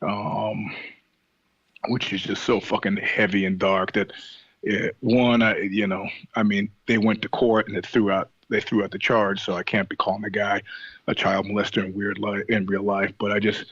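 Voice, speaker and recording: A man being interviewed, telling stories in a casual, animated way, swearing and laughing often. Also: fairly low pitch, normal speed, slightly rough, no echo, dull audio. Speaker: guest.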